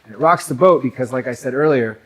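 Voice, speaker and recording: A man's voice: medium pitch, fast talker. Brief: young adult North American man, speaking to a live audience, conversational and reflective, mid-range voice. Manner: reflective, conversational, many fillers and asides. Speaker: men's work speaker.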